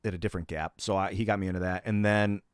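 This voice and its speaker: Profane rambling man, low and dry. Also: steady tone, fast talker, smooth, no echo. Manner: rambling, loose and profane, with many fillers. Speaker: streamer. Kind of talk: casual storytelling on a live stream.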